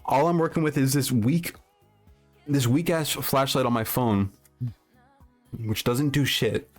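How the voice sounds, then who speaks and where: A man's voice: mid-range voice, a little slow, soft background music. A man livestreaming, chatting loosely with his viewers and telling a rambling, swear-laden story full of restarts. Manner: rambling anecdote with profanity and frequent restarts. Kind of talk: casual livestream chat, reacting to chat.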